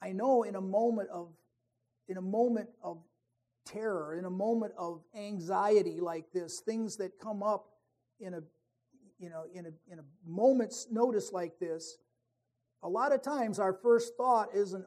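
Guy giving a sermon, chatty, keeps restarting, highish mellow voice. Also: a little slow. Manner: conversational, with many restarts and asides; reads scripture aloud. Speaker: preacher.

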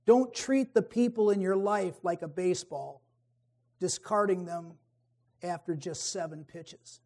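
A man preaching a sermon, emphatic, swinging between forceful peaks and quiet, wry asides. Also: high-pitched, measured pace.

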